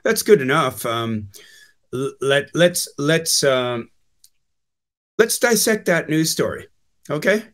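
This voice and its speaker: Halting Canadian man in casual talk. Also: on the high side, lively intonation, a bit bright. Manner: halting, with many fillers and restarts. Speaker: guest. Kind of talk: casual chat.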